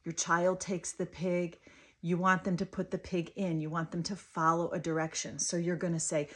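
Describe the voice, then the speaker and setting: A woman's voice: fairly low pitch, normal speed. A woman in her thirties, a speech-language pathologist, coaching parents and slipping into a sing-song play voice during toy demos. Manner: sing-song, animated demo voice for toddlers.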